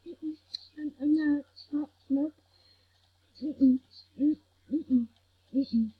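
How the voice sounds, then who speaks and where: A woman's voice: sits high, very slow, pauses often, breathy edge, muffled recording. A woman hosting a gaming channel, chatting casually over gameplay and grumbling that she is not mad. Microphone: computer recording mic.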